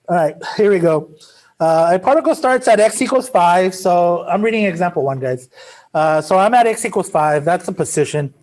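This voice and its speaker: High-voiced, joking male math teacher. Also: expressive, brisk, darkish tone. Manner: casual, joking, chatty asides. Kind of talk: classroom lecture. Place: classroom.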